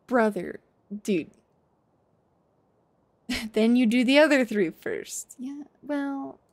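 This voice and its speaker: Female game streamer, high voice, unhurried playful chatter. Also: expressive, a little mellow. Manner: playful, chatty, yelps and laughs while fighting. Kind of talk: casual gameplay commentary.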